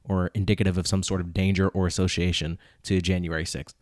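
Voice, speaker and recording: A man's voice: sits low, level tone, quick pace, a little mellow, dry recording, clean studio sound. A young man hosting a podcast, reading tweets aloud and ranting about them in an incredulous, casual way, sometimes putting on mock voices. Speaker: podcast host.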